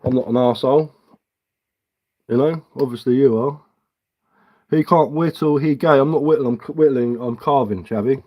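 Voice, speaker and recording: Bloke in his thirties, live streamer, roasts his chat bluntly and sarcastically, mid-pitched voice. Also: normal speed, pauses often, lo-fi sound. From England. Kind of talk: live stream reading chat while carving.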